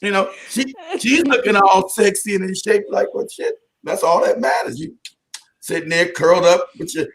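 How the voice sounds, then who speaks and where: Man telling jokes to an audience, fairly high voice. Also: normal speed, gravelly, fairly bright tone. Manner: joking, profane, full of restarts and asides; keeps addressing the audience as family. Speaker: speaker at a community talk. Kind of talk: casual storytelling talk to an audience.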